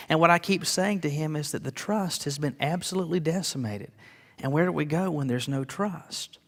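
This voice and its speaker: A man's voice: a little high, normal speed, big-room sound. A man preaching a sermon as pastor, earnest and rising to emphatic declarations, often repeating words as he builds.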